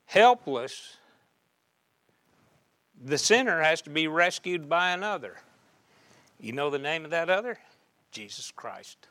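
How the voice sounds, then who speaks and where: A man preaching a sermon, swinging from loud emphatic bursts down to quiet, measured lines. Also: a little high, very animated, dry recording.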